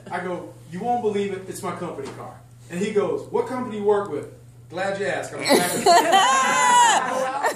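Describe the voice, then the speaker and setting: Excitable man training a roomful. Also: high voice. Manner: energetic, excitable, chatty, jokes with the audience. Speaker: sales trainer. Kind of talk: lively sales training talk to a live group. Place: function room at a country club event. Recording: echoey room, distant mic, faint hum.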